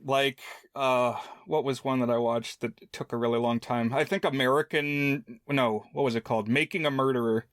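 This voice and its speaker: A man's voice: medium pitch, steady tone, moderate pace, hardly any pauses, dry recording, studio quality. A man co-hosting a film podcast, talking casually and thinking aloud with lots of fillers. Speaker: podcast co-host.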